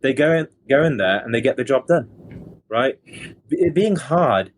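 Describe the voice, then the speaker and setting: A man's voice: mid-range voice, lively intonation, normal speed, slight background noise. A man on a podcast speaking in an earnest, motivational way about self-improvement, often repeating words as he starts a thought. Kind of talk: casual podcast talk.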